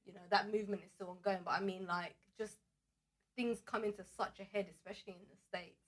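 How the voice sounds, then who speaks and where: A woman's voice: mid-range voice, steady tone, fast talker. A woman co-hosting a podcast, talking animatedly with frequent laughs and rhetorical questions. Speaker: podcast co-host. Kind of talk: casual chat.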